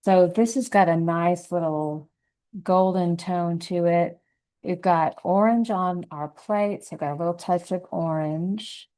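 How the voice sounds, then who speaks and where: Mellow-voiced woman teaching painting. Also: on the low side, a little slow, low-quality recording. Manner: relaxed, encouraging, thinks aloud while painting. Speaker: painting instructor. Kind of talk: step-by-step painting tutorial.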